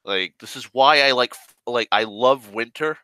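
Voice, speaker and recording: A man's voice: medium pitch, a little slow, pushed and bright, smooth, no echo. Sick young man ranting. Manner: profane, grumbling, sarcastic. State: sick, coughing. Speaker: online rambler. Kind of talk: casual rambling rant.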